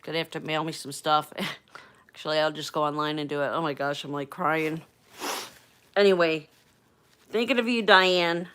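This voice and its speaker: Chatty emotional woman vlogger, lowish voice. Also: moderate pace, pauses often, fairly bright tone, clean tone. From United States. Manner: chatty, emotional, talks to viewers by name. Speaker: livestream host. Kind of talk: casual livestream chat. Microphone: webcam or phone mic, moves off camera.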